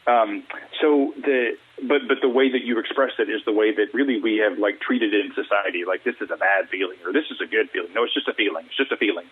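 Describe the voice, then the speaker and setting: A man from the US Deep South, a mental wellness coach, talking earnestly and acting out quoted small talk. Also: quick pace. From Alabama, US Deep South. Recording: tinny phone line, husky.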